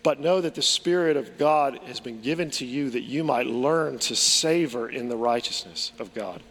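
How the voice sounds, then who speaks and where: A man's voice: mid-range voice, lively intonation, normal speed, a bit bright. A man preaching a sermon as pastor, earnest, asking rhetorical questions and restarting his phrases. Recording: long hall reverb.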